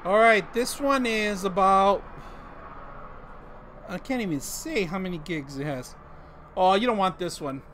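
A man's voice: sits high, expressive, measured pace, pauses often, a bit bright, slight background noise. A man streaming live from home, joking with chat and tacking "man" onto his sentences, on a desk condenser mic with a pop filter. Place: home room with a dog.

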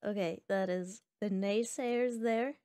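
A young woman streaming a game, chatting casually with her chat and reacting loudly to each round. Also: medium pitch, slow, no room sound, studio quality. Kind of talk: casual gameplay commentary. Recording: faint background music.

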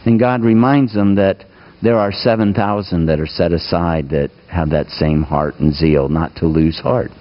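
A man's voice: low-pitched, steady tone, normal speed, highs cut off. Folksy man preaching a sermon. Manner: folksy, engages the congregation with questions. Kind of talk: conversational sermon. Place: church.

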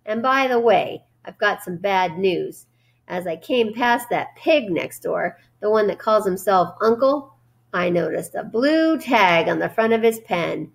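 A woman voicing a gluttonous, smug male rat with a husky, hoarse voice and a slow gloating drawl, read aloud from a storybook. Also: mid-range voice, expressive.

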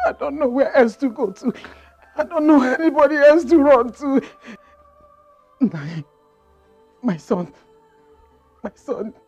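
A woman's voice: fairly high pitch, mellow, husky, lo-fi sound. A tearful begging Nigerian mother. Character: distraught mother begging a village priest. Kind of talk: Nollywood village drama acting.

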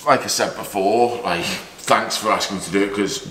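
A man who works as a vlog host and caddie leads a casual golf chat, chatty and laughing often as he acts out what people said. His voice is fairly low and fairly bright at a moderate pace. There's slight background noise, a roomy echo and faint sounds behind him.

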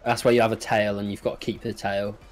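A man streaming a game with friends over voice chat, excitable, swearing and shouting at the action. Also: fairly low pitch, fast talker, soft background music. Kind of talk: casual gaming chat over voice call.

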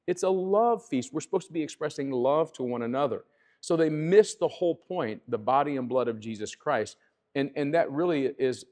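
Pastor guy giving a sermon, chatty with asides, mid-pitched voice, big echoey church hall. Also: a little mellow. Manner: conversational preaching with asides and restarts. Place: church sanctuary.

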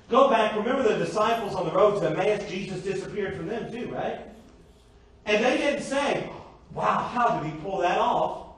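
A man preaching a sermon to a congregation, asking rhetorical questions and slipping in joking asides. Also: high-pitched. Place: church sanctuary. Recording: echoey church from far off.

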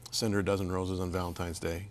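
A man hosting an interview, asking questions and sharing reflections in a measured way, sometimes dropping to a near whisper. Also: deep voice, flat delivery, slight background noise. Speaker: interview host. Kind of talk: interview conversation.

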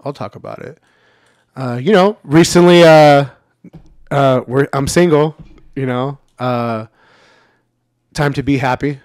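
A man's voice: medium pitch, takes it slowly, long pauses, darkish tone, no echo, clean studio sound. A man in his thirties talking candidly on a podcast, laid-back, with lots of fillers and the odd curse word. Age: 30s. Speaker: podcast regular. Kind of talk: casual podcast chat.

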